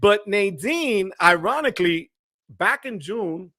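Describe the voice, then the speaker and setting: A man hosting a livestream, energetic and chatty, giving shout-outs to viewers. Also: sits high, takes it slowly, no echo, clean studio sound. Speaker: livestream host. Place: home studio.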